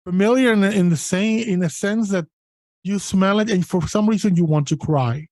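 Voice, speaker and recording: A man narrating a tabletop role-playing game as game master, setting scenes in a deliberate way. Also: sits high, a little mellow, no echo.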